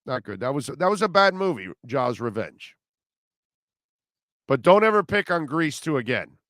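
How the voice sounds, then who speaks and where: A man's voice: mid-range voice, very animated, normal speed, fairly bright tone, no echo, studio quality. A man hosting a sports radio show, rambling and joking loosely about old movies. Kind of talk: casual sports talk.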